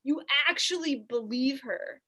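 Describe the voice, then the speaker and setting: A woman's voice: high voice, lively intonation, a little slow, pushed and bright, slightly rough. A woman from the New York area co-hosting a comedy podcast, rambling casually with constant "like"s and swearing over a remote call. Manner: rambling, lots of filler "like", swearing. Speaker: podcast co-host. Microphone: remote call setup.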